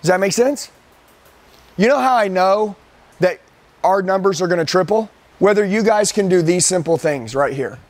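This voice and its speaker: A man's voice: high-pitched, lively intonation, moderate pace, no room sound. A man coaching a room of sales trainees live. He talks intensely and emphatically, repeats his points, and often calls people "dude".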